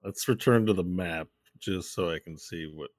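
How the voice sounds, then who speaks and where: A man narrating a tabletop fantasy game as game master in a relaxed, conversational way. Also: normal speed, no room sound, clean studio sound. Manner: relaxed, conversational, low-key.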